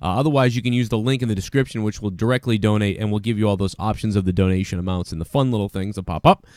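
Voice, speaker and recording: A man hosting a live wrestling review stream, talking casually, excitably and with lots of swearing. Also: lowish voice, racing, dry recording, studio quality. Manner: profane, excitable, rambling. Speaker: wrestling podcast host.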